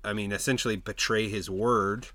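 Bright-voiced young man chatting about comics. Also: lowish voice, steady tone, normal speed. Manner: chatty, heavy use of "like", acts out quotes. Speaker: podcast co-host. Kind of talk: casual chat. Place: upstairs in a comic store.

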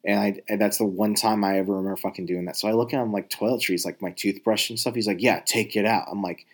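A man's voice: fairly low pitch, steady tone, fast talker. A man telling a rambling, profane story in a casual monologue, exasperated and full of restarts. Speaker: talker recounting travel stories.

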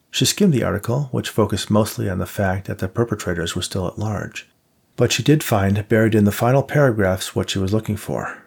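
A man narrates an audiobook in a measured, even way. His voice sits low and carries a gravelly, husky grain. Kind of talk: scripted narration.

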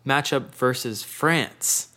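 A man's voice: mid-range voice, slow, bright, forceful tone. Laid-back man telling a story. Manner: laid-back storyteller, reads facts and laughs often. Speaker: podcast co-host. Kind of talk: casual chat.

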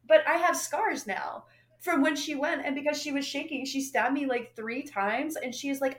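A woman's voice: sits high, a little fast. A woman hosting a podcast in casual chat, telling stories in a chatty, wry way. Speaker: podcast host. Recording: roomy echo.

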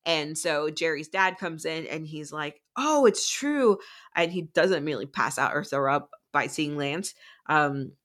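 A woman's voice: sits low, steady tone, moderate pace, a bit bright. A woman co-hosting a podcast, casually recapping a book plot in a rambling way full of "like" and "um". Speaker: podcast co-host.

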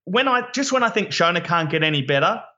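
A man co-hosting a podcast in casual chat, animated and tripping over repeated words when excited. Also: sits high, fast talker, lo-fi sound. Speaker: podcast co-host.

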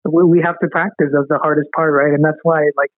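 A man appearing as a podcast guest tells a story in an interview, his voice on the high side with little pitch movement and no echo, though the line sounds tinny and phone-like. He is earnest and fast, peppering his sentences with "right?" to check in.

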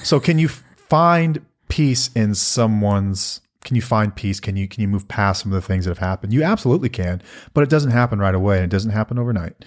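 A man's voice: fairly low pitch, expressive, a little fast. A middle-aged man co-hosting a casual podcast, reading listener questions and answering them in an earnest, reflective way. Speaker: podcast co-host.

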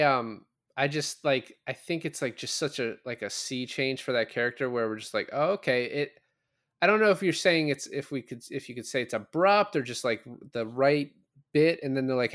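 A man's voice: mid-range voice, lively intonation, normal speed, fairly bright tone. Casual man recapping a movie. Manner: rambling recap with many fillers and acted-out quotes. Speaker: podcast co-host. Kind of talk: casual movie-review chat.

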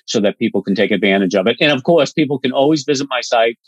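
A man's voice: mid-range voice, expressive, quick pace, slightly rough, no room sound, muffled recording. A man guest on a podcast, explaining cause marketing ideas in a chatty, casual way with lots of fillers and examples.

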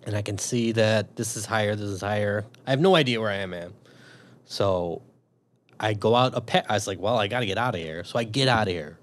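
A man's voice: on the low side, a little fast. A man telling a story in casual chat, swearing often and acting out his own thoughts. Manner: profane, animated storyteller.

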